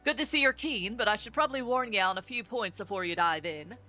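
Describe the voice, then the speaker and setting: A woman voicing a gruff male rogue guild lookout, reading game dialogue aloud in a rough put-on Scottish-style accent. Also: high voice, sing-song, fast talker, fairly bright tone, soft background music, pitched above the performer's own voice. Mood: warning.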